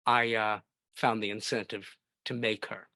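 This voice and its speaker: A man's voice: fairly low pitch, bright, forceful tone, dry recording. A man in his seventies from Brooklyn, telling a personal story with wry comic asides and dry punchlines. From Brooklyn, New York. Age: 70s.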